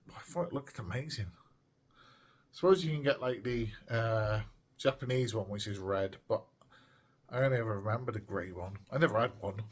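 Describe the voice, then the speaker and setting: A man's voice: medium pitch, slightly rough. A British man chatting casually to camera as he unboxes a small collectible, rambling and joking along the way. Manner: chatty, rambling, playful asides. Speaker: retro gaming vlogger.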